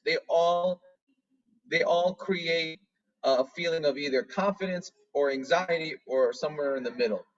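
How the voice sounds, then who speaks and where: A man who directs a dance studio, giving an instructional talk on a video call, measured and restarting phrases as he explains. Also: a little high, fairly bright tone, recorded from a distance, highs cut off.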